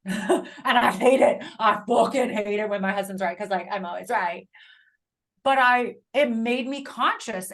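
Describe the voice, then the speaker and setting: A woman's voice: on the high side, a bit bright. Emphatic, foul-mouthed woman host. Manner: blunt, heavy swearing, emphatic. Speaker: podcast host. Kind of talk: casual chat.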